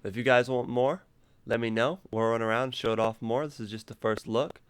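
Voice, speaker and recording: A man's voice: medium pitch, steady tone, fairly quick, clear, resonant tone, dry recording. A man giving casual, rambling gameplay commentary as a gaming YouTuber. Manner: rambling, loose, laughs easily.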